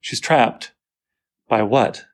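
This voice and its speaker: A man lecturing on a poem, lively and full of rhetorical questions to his listeners. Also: medium pitch, drawn-out words. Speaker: literature teacher.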